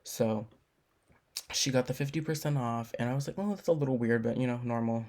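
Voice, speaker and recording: A man's voice: medium pitch, a little fast, darkish tone. A young man giving a class presentation, telling a personal story in a rambling, casual way with many filler words. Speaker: student presenter.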